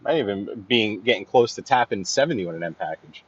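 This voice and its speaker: A man's voice: fairly low pitch, lively intonation, fairly quick, breathy edge, muffled recording. A man giving casual running commentary while he drives, chatty, laughing at his own stories and repeating phrases, recorded on a phone inside a car. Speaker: vlogger driving through his neighborhood. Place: inside a car on city streets.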